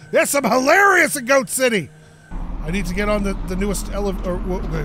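High-pitched excitable man narrating a game. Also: brisk, soft background music. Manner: excitable and jokey, yelps and rambles. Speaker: gaming YouTuber. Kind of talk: let's play commentary.

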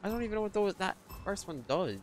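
A man's voice: sits high, animated, fast talker, noisy background. A young man commenting on his gameplay, irritable and grumbling, swearing at the game. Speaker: gaming streamer.

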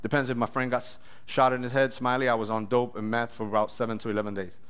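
A pastor telling his testimony in a sermon, animated, acting out voices and often laughing. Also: mid-range voice, fast talker, smooth.

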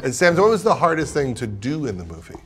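A man's voice: medium pitch, sing-song, fast, a crowd in the background. A man leading a casual roundtable and asking his film's cast dry, teasing questions. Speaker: interviewer and director of the film.

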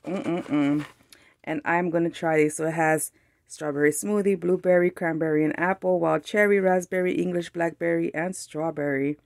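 A woman with a Mexican-American accent excitedly chatting as a craft channel host, gushing over a mail package. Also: on the low side, normal speed, no room sound. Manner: gushing, excited, frequent laughs. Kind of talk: casual unboxing chat.

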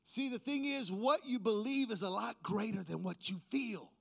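High-voiced man preaching with big swings. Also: gravelly. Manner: swings from low talk to loud drawn-out proclaiming; playful, jokes with the congregation. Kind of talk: sermon.

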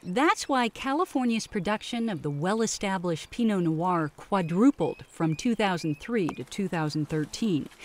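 A woman narrating a science news feature in a measured, scripted way. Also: mid-range voice, slight background noise. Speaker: reporter narrating.

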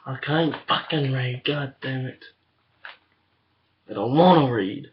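A man's voice: medium pitch, takes it slowly, a little hiss or hum. A man chatting crudely on a webcam, cursing and rambling. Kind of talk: casual chat. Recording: dull lo-fi webcam audio.

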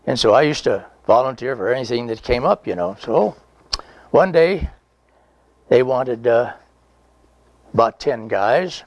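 A man's voice: mid-range voice, lively intonation, a little slow, long pauses, no room sound, lo-fi sound. A man in his nineties, a veteran being interviewed, telling a rambling, folksy story with chuckles and reenacted dialogue. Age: 90s. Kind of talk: conversational oral history storytelling.

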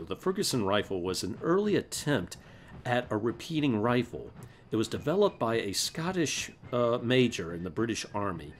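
Lively low-voiced man narrating his gameplay. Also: a little hiss or hum. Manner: excitable, yells and laughs at the game, swears casually. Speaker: gaming channel host. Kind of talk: let's play commentary with history asides.

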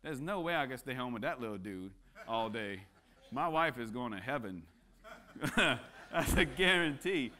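Man, guest preacher, casual sermon; joking yet earnest, stumbles and restarts, medium pitch. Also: animated, normal speed, fairly bright tone. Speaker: guest speaker. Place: church sanctuary.

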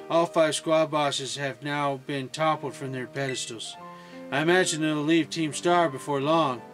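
A man's voice: fairly high pitch, a bit bright. A man reading aloud the lines of a secretive young female team leader.

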